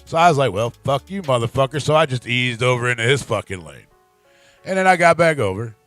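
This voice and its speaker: A man's voice: medium pitch, animated, a little fast, a bit bright, no echo, faint music behind. A man hosting a live talk show, telling a profane story in casual chat and laughing often. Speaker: podcast host.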